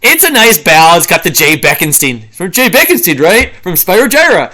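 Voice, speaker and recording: A man in his forties talks through his favorite albums in a loose, rambling monologue, trailing off into fillers and restarts. His voice is bright and forward, and he often breaks into humming a riff to make a point. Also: high-pitched, very animated, fairly quick. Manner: hums and sings riffs to illustrate. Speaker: music reviewer. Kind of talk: casual album review monologue.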